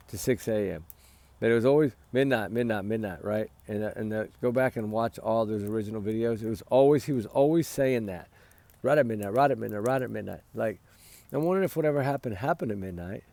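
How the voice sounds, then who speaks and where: A man talks casually and at length, pausing to ask "right?" and sighing now and then. He sounds tired. His voice is dark and mellow with a gravelly fry running through it. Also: medium pitch. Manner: rambling, repeats "right?", sighs and yawns. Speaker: commentator on a missing-child case. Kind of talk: casual opinion talk.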